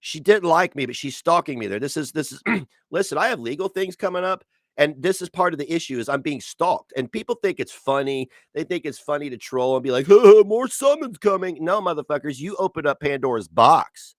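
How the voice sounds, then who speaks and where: A man's voice: on the high side, fairly quick, fairly bright tone, no room sound, clean studio sound. A man streaming from home, ranting angrily and sarcastically with heavy profanity while reacting to posts on screen. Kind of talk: angry commentary rant.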